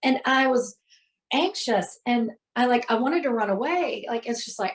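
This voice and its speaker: Woman, middle-aged, slightly high pitch, podcast guest, emotional candid storytelling, filler words. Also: measured pace. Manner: emotional, animated retelling with many fillers.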